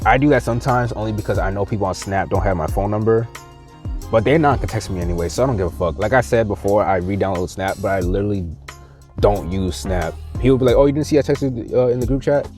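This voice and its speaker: A man's voice: lowish voice, quick pace, a little mellow, faint music behind. A young man vlogging a heated, profane rant to the camera, mocking other people in quoted voices. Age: young adult.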